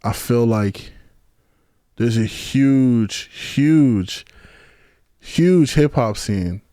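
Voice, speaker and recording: A man's voice: medium pitch, animated, very slow, mellow, dry recording, clean studio sound. A man being interviewed on a podcast, talking in a laid-back, slangy way with lots of swearing and fillers. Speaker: podcast guest, beatmaker. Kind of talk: casual chat.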